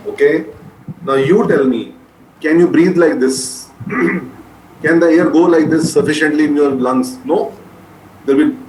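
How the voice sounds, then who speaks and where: A man with an Indian English accent teaching medical students, dictating notes slowly and repeating each point, often calling them beta. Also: on the high side, a little mellow. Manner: repetitive, addresses listeners as beta. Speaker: medical lecturer. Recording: echoey room with faint noise.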